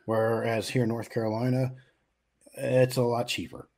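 A man's voice: mid-range voice, little pitch movement, moderate pace, a little mellow. A middle-aged man from the US West Coast co-hosting a podcast, talking casually with frequent fillers and restarts. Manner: conversational, many fillers and restarts. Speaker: podcast co-host. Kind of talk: casual chat.

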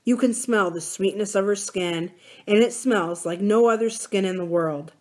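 A woman reading aloud and voicing a gentle older man who speaks softly and slowly in a musing, reflective manner. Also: medium pitch, close to an everyday voice. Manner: soft, slow and musing.

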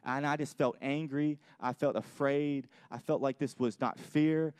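A man's voice: mid-range voice, fairly even intonation, a little slow, darkish tone, smooth, dry recording, studio quality. A young adult man pastor giving an earnest sermon with personal testimony, often repeating and restarting his phrases. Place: church.

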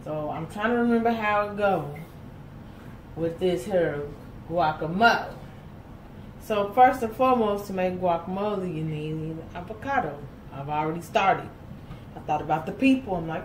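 A woman's voice: on the low side, lively intonation, moderate pace, a little hiss or hum. Chatty woman cooking, far from mic. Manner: chatty, folksy, talks to viewers as y'all. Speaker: home cook host. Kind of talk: casual cooking chat. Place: home kitchen. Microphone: camera set off to the side. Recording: roomy kitchen audio from a distance.

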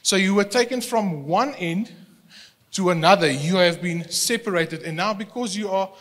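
A male pastor preaching a sermon, animated and given to repeating words as he restarts, speaking without a microphone in a church hall. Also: high voice, moderate pace. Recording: long hall reverb, no microphone.

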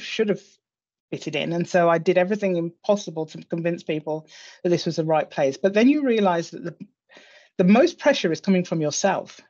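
A British woman being interviewed, lower-pitched and earnest, circling back and restarting as she works out her point. The audio is dull and muffled. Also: darkish tone. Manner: earnest, with frequent restarts and repeated words. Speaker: interview guest, senior lawyer. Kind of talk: reflective interview conversation.

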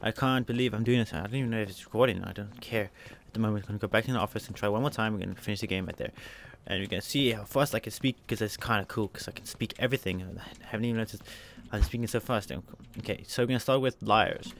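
A man rattles through live game commentary in a fairly low voice, narrating each step and spelling words letter by letter. A faint hiss and the odd click sit behind him. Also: quick pace, creaky, hardly any pauses. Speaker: let's play gamer.

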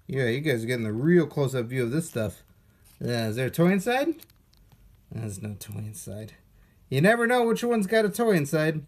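A man's voice: medium pitch, very animated, moderate pace. Chatty man hosting a live unboxing. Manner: chatty, rambling, talks to viewers. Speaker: toy unboxing host. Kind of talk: casual live-stream chat. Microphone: phone camera.

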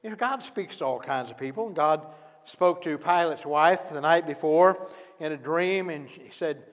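A man's voice: on the high side, normal speed, big-room sound. A man preaching a sermon as pastor, telling the story dramatically and acting out each character's words. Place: church sanctuary.

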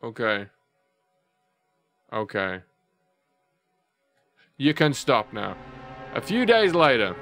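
A man playing a horror game on video, thinking out loud, startling easily and swearing when scared, then thanking viewers. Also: medium pitch, big pitch swings, slow pace, long pauses, soft background music. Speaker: let's play gamer.

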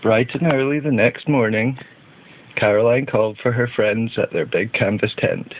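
A man narrating a children's storybook in a gentle, even read-aloud manner. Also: mid-range voice, moderate pace. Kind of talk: storybook reading. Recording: tinny phone-like band.

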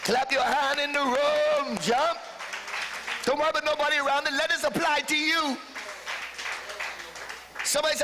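High, bright-voiced man preaching in a reverberant hall. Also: steady tone, moderate pace, pauses often, a faint crowd, a little hiss or hum. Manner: fervent preaching, calls to the congregation, sudden shouted peaks. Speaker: bishop preaching. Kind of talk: live sermon. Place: church hall with congregation.

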